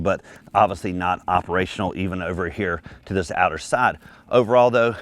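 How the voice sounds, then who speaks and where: A man giving a casual walk-around car review, talking in a relaxed, descriptive, conversational way. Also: low voice, no echo.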